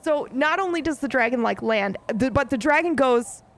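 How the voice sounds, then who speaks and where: A woman streaming a game, chatting casually to her viewers in an excitable, profane way that is full of laughs. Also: high voice, normal speed. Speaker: let's play streamer.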